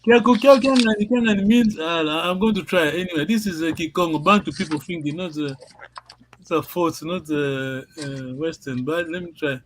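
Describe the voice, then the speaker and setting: Over a video call with poor audio, a man teaches a language class in a patient, halting way. His voice is a little high, and he often repeats words and laughs.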